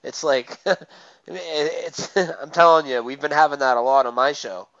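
Man, guest, higher voice, rambling and animated, muffled lo-fi sound. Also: a little slow. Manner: animated, rambling, laughs while talking. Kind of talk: casual chat. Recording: muffled lo-fi audio.

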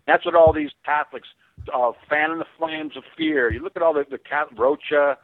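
A man's voice: on the high side, normal speed, phone-quality sound, slight background noise. An American man calling in to a radio talk show, rambling with many restarts and fillers. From United States. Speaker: caller. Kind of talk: call-in radio rant.

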